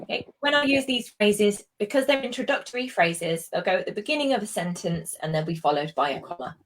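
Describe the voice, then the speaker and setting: British lady tutoring ielts writing, patient, lots of ums and you knows, mid-pitched. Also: animated, brisk. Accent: British English. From Britain. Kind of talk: live online tutoring session.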